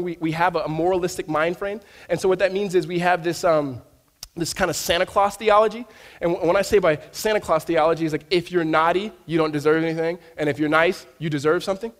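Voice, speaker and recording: A man preaching a sermon to his congregation, telling stories animatedly and often stammering and restarting his words. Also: fairly high pitch. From United States. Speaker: pastor. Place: church sanctuary.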